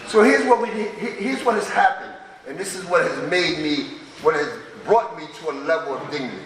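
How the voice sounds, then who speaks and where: In a large, echoey meeting hall recorded from a distant mic, a middle-aged man at a twelve-step recovery meeting tells raw, profane stories from his past. He speaks in a street-talking storytelling manner. His voice is high-pitched, a little fast and fairly bright.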